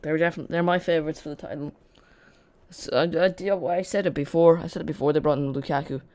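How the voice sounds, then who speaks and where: A host gives loose, unscripted commentary on a live football match for viewers following along, in a steady, slightly mellow voice at an ordinary middle pitch. He talks quickly, chatting and correcting himself, often restarting sentences midway. Dry, sarcastic asides land between the match talk.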